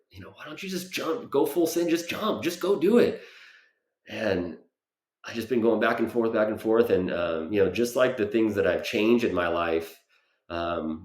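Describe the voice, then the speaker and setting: Middle-aged male vlogger, low voice, hesitant storyteller, roomy echo. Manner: halting, many fillers and restarts. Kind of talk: casual personal storytelling.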